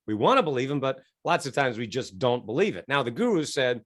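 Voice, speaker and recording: A middle-aged man, a guest keynote speaker, telling stories in an interview with animated quoted voices and frequent laughs. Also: mid-range voice, brisk. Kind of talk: energetic storytelling interview.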